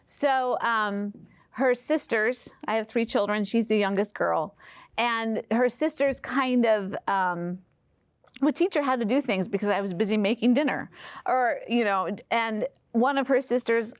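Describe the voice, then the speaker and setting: A middle-aged woman in an interview, talking about her family in a hesitant way with many pauses and fillers. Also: fairly high pitch, dry recording, clean studio sound. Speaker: interviewee, mother of the guest. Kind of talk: personal interview.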